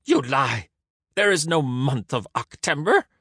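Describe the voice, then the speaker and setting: A man's voice: sing-song, moderate pace, darkish tone, no room sound, studio quality, full character voice. A man voicing a pathetic, envious, weepy Caesar who pleads and sobs. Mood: shrill wailing. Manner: shrill, pleading and sobbing. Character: whining, envious, weepy male Caesar, a pathetic dream figure.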